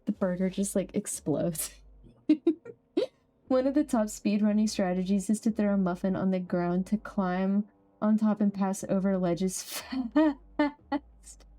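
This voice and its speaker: A young woman hosting a casual game stream, her voice mellow and soft-edged. She chats easily with viewers and laughs often, her pitch leaping up in excited bursts. She talks at a middling pitch into a desk microphone. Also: measured pace. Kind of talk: casual live-stream chat.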